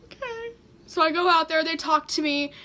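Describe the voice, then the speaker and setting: Casting note: teen girl vlogger, high bright voice, giggly and chatty. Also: flat delivery, brisk. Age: teens. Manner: laughing through her story, giggly. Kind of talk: casual storytelling.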